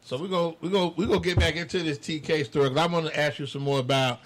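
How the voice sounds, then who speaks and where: A man's voice: on the high side, fairly even intonation, quick pace. A man hosting a radio show, chatting casually with his guest and chiming in with short encouraging remarks. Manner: encouraging, brief interjections. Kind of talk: casual interview chat.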